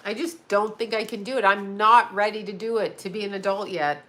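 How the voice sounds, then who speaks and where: Bright-voiced chatty woman livestreaming from home. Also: mid-range voice, a little fast. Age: middle-aged. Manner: rambling, chatty, laughs often. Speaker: psychic astrologer hosting a live stream. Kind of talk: casual live-stream chat. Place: her home. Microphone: home video call setup.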